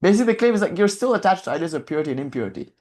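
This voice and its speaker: A man's voice: high voice, very animated, rapid-fire, a little mellow. Man giving a reflective spiritual talk. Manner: conversational, self-questioning, thinks aloud. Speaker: spiritual teacher.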